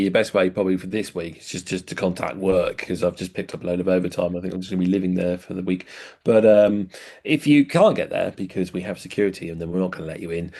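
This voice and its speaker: A man with a low, gravelly voice reads out a run of event listings as a podcast co-host. He stays casual and dry, dropping jokey asides between the dates and places. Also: darkish tone.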